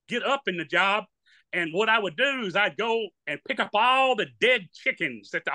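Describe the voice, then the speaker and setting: A man's voice: high-pitched, sharp tone, dry recording. An older man with a Louisiana Southern accent, a duck hunting guide, telling rambling folksy stories in an interview and acting out the voices of the people in them. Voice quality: hard of hearing. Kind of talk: storytelling in an interview.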